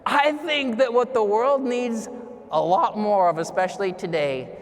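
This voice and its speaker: A man's voice: high voice, a little slow. A man giving a motivational keynote speech, telling personal stories and putting questions to a live audience. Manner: storytelling, addresses audience with questions. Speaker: keynote speaker. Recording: long hall reverb.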